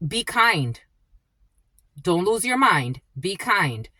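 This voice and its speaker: Woman reader, chatty and blunt, lots of swearing, very lively pitch, dry recording. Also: takes it slowly, no room sound. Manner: blunt, profane, animated retelling; addresses listeners as "my lovies". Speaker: spiritual reader. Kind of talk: casual storytelling monologue.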